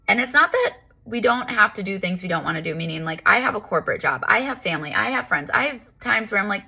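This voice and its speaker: A woman giving a casual, reflective self-help monologue as a spiritual life coach, animated and emphatic, repeating herself for effect. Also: mid-range voice, fast talker, gravelly, hardly any pauses, breathy edge.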